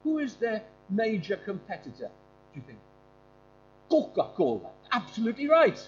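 Man, preacher, high voice, very expressive pitch, quizzing audience, dull lo-fi recording with faint hum. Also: normal speed. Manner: animated, quizzing listeners. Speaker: preacher giving a talk to a congregation. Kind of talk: informal sermon with questions to the audience.

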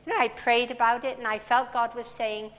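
A woman's voice: fairly high pitch, little pitch movement, a little fast, a bit bright. A woman, preaching a sermon in a conversational, storytelling way. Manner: conversational, storytelling with personal anecdotes. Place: large church hall. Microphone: handheld or stand mic. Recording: long church reverb.

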